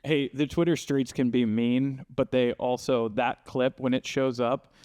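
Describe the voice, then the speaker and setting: A man's voice: medium pitch, steady tone, unhurried, darkish tone, smooth. A man co-hosting a podcast, chatting enthusiastically about football games. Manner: enthusiastic sports talk. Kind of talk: casual chat.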